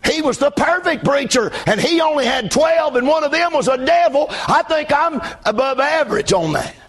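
A man pastor preaching a revival sermon from the pulpit, shouting in a chanting preaching cadence. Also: very high-pitched, lively intonation, normal speed. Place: church pulpit.

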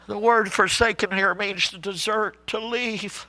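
Male preacher, high and sharp-toned, impassioned, rising into shouts. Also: fairly even intonation. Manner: swings from low and slow to high shouted cries; addresses listeners as brother and sister, my friend. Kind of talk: impassioned sermon.

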